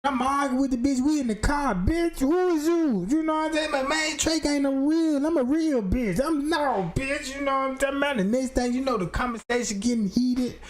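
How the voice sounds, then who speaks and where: A man's voice: extremely high pitch, moderate pace, few pauses. A man telling a profane comic story in heavy street slang, acting out other voices as he goes. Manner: slangy, animated, acts out voices.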